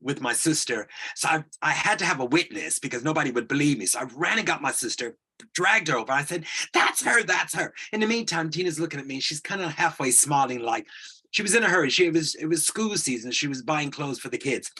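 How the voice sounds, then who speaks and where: A man in his sixties, a guest telling a long personal story, animated and acting out the voices in it. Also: a little high, fast talker, breathy edge. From United States. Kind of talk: anecdotal storytelling.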